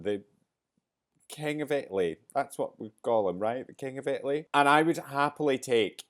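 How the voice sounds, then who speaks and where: A man hosting a podcast, chatting casually and excitably through a race review, rambling and getting teary and choked up along the way. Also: medium pitch, normal speed. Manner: excitable, rambling, gets emotional. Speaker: podcast host.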